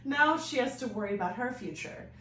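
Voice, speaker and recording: A woman hosting a comedic read-aloud of fanfiction, animated and swearing as she reads to friends. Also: a little high, a little fast. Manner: animated reading, swearing, breaking up laughing. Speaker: host reading fanfiction aloud. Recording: echoey room, distant mic, faint noise.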